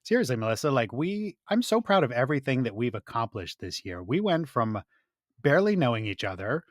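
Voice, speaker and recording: A man's voice: medium pitch, sing-song, a little fast, no echo, clean studio sound. Friendly man co-hosting a podcast. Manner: friendly, enthusiastic banter with "like" fillers. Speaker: podcast co-host. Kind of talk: casual true-crime podcast chat.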